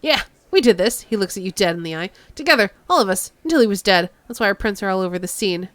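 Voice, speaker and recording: A woman's voice: mid-range voice, lively intonation, no echo, lightly acted. A woman voicing a brash, roaring dockworker boss. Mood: defiant. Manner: loud, growling and slow. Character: hulking brash male dockworker gang boss.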